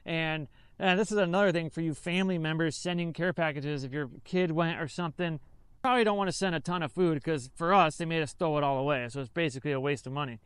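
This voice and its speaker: A man's voice: a little high, fast talker, smooth, no room sound. A man, an army veteran, casually telling a rambling story full of fillers and self-corrections.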